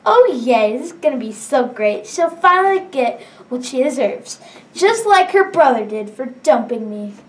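A scheming mean girl, as a woman puts her on, sugary and bossy, pitched fairly high. The voice is picked up from a little way off the mic. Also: big pitch swings, normal speed, far from the mic.

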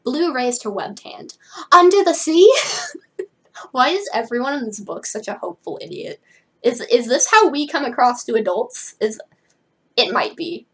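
A young woman with a husky, slightly breathy voice reads a teen novel aloud. She stops often for wry, chatty asides and jumps up in pitch to voice the characters, sometimes dropping to a hushed tone. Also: big pitch swings, low-quality recording. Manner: chatty, wry, quick to laugh at the book; drops to a hushed voice now and then. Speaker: book reader and commentator.

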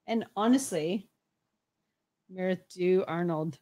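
A woman's voice: fairly low pitch, measured pace, mellow. A woman co-hosting a casual livestream, reading chat comments aloud and joking around in a playful, giggly way.

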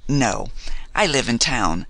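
A man's voice: mid-range voice, expressive, slow pace, pushed and bright, dry recording, full character voice. A man voicing a frank, generous young woman traveling alone in an audiobook, polite and friendly but evasive. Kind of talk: audiobook character reading.

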